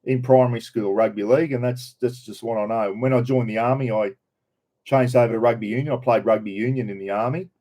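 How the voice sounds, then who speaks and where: A middle-aged man from Queensland with a broad Australian accent, hosting a laid-back livestream. He rambles from one thought to the next and greets his viewers by name. His voice sits at an ordinary, middle pitch. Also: steady tone, quick pace, mellow. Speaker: livestream host. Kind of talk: casual livestream chat.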